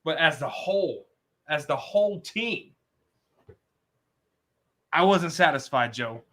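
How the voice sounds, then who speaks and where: A man's voice: a little high, expressive, slow, a bit bright. A man co-hosting a casual sports podcast, emphatic and fond of repeating words for effect. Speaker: podcast co-host.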